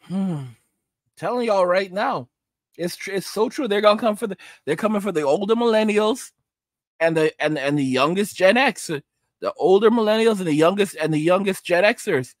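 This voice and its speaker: A man's voice: sits high, normal speed, no echo, studio quality. A man hosting a commentary livestream, ranting emphatically, repeating his points, and often checking in with "all right?". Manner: slips into mocking put-on voices. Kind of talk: ranting commentary, reading viewer chat.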